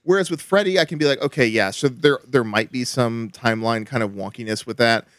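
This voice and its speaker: A man's voice: medium pitch, a little fast, a bit bright, dry recording, studio quality. A man hosting a casual podcast chat, talking with frequent restarts and laughter. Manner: chatty, many restarts and laughs. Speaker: podcast host.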